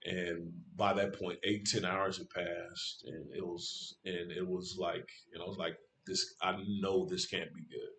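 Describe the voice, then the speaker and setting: A man's voice: flat delivery, unhurried, few pauses, a bit bright, a little hiss or hum. A man telling a personal story in a rambling, profane way, stumbling over his words and rising sharply when angry. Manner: rambling, restarts, voice climbs high when angry. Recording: roomy echo.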